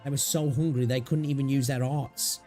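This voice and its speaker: A man's voice: medium pitch, steady tone, normal speed, mellow, soft background music, natural voice. A man voicing a grim, vengeful young infected woman investigator, speaking coldly and accusingly. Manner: cold and accusing.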